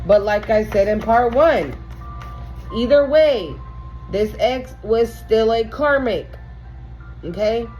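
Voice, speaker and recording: A woman's voice: medium pitch, a little mellow. A woman doing a casual tarot reading for her viewers, emphatic and profane. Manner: emphatic, profane, slow and drawn out. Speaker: tarot reader.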